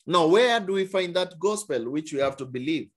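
A man's voice: fairly high pitch, expressive, moderate pace. A man preaching a sermon, reading scripture aloud and repeating phrases for emphasis, sometimes stumbling over words.

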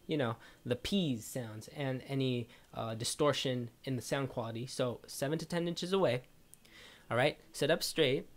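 A man's voice: mid-range voice, a bit bright. A man hosting a casual how-to tutorial, talking directly to viewers into a condenser microphone. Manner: chatty, direct, addresses viewers. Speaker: video tutorial host. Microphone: condenser microphone, position varied.

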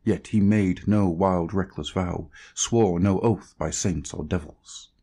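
Slow deep-voiced male storyteller. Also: mellow, slightly rough. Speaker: podcast reader. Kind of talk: audiobook narration.

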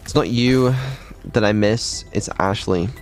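A male streamer chatting casually in a halting, mumbling way with dry, swearing remarks. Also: fairly low pitch, faint music behind. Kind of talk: casual chat.

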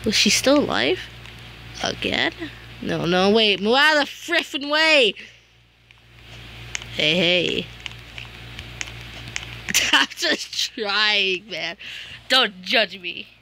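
A woman giving casual gameplay commentary, excitable, humming little tunes and yelping and shouting at other players. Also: medium pitch, drawn-out words, gravelly, pauses often, slight background noise. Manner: hums and sings little tunes while playing. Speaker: gamer.

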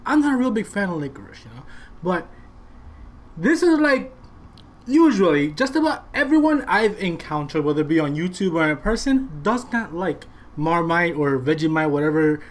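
A man hosts a casual reaction video, talking to his viewers in loose, slangy commentary. His voice swings widely in pitch as he gets excited. He keeps cracking himself up. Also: normal speed. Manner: excitable, slangy, breaks into laughter.

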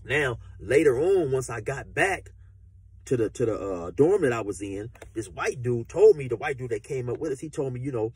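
A man's voice: mid-range voice, big pitch swings, fairly quick, darkish tone, husky, no echo. A man telling a personal story in a laid-back, slangy, profane, rambling way. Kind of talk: casual storytelling.

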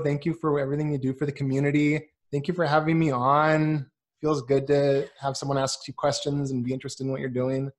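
A man talking as a guest on a podcast in a casual chat, earnest and a bit rambling. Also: a little high. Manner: earnest, rambling, many fillers and restarts. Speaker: podcast guest, business owner.

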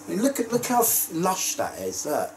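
A man chatting casually on his vlog, excitable and quick to squeal with delight. His pitch swings widely as he talks, and faint room noise sits behind him. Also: roomy sound, low-quality recording. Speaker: YouTube vlogger. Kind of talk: casual chat.

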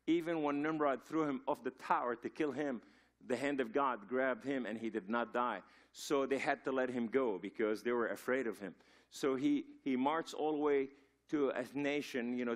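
A man from Lebanon, a guest preacher, giving a sermon in a church in a loose storytelling way, with frequent restarts. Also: mid-range voice. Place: church sanctuary.

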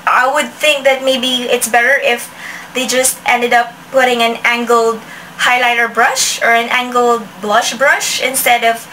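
A woman with a high, bright voice chats casually through a product review, often restarting her sentences. She sounds a little far from the mic, with a faint hiss behind her. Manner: chatty, with restarts and frequent "like". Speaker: beauty vlogger.

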